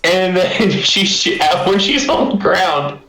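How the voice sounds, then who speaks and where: A man's voice: high-pitched, very animated, takes it slowly, pushed and bright. A man co-hosting a casual film review chat, retelling scenes and acting out the quotes. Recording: roomy echo.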